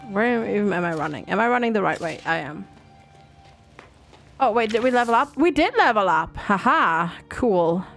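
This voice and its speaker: A woman's voice: mid-range voice, fairly bright tone. Chatty woman streaming a game. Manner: chatty, thinking aloud. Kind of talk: casual game commentary.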